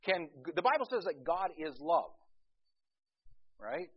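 A man's voice: on the high side, very animated, unhurried, breathy edge, lo-fi sound. A man preaching a sermon in a loose, conversational storytelling way, often stopping to restart his sentences.

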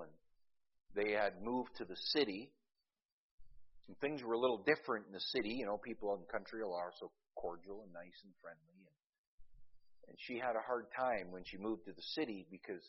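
A man preaching a sermon as pastor. He swings from quiet asides to loud, emphatic peaks and often restarts his words. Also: medium pitch, husky, lo-fi sound.

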